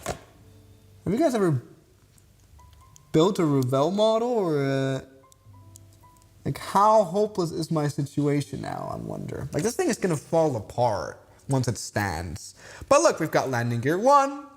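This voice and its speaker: A man's voice: on the high side, huge pitch swings, a little slow, vocal fry, pauses often, breathy edge, faint music behind. A young man with a Swiss accent chatting casually to viewers on a live stream while struggling to build a model kit, self-mocking and exasperated.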